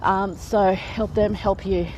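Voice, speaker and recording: A woman's voice: medium pitch, steady tone, slow, a little mellow, rough recording. Woman vlogger, frank and chatty, straight-talking advice, light laughs, faint noise behind. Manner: chatty, frank, often laughs mid-sentence. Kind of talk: casual advice talk to camera.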